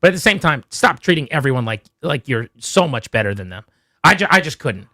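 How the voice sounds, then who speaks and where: Male radio host, animated storyteller, dry studio sound. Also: on the high side, a little fast, no echo. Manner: animated storytelling, many "like" fillers. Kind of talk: sports radio banter. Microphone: studio microphone.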